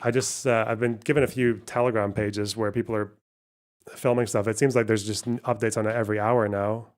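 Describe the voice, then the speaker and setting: A man's voice: lowish voice, little pitch movement, brisk. A man hosting a live stream, commenting on news in a casual, profane, sardonic way and thinking aloud. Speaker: streamer host.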